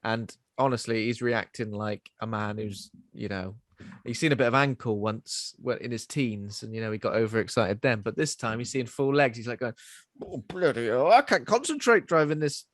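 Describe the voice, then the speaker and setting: A man's voice: fairly low pitch, fairly even intonation, dry recording. A man co-hosting a casual film chat, cracking jokes and slipping into silly voices. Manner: jokey, quick to put on silly voices. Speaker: podcast co-host.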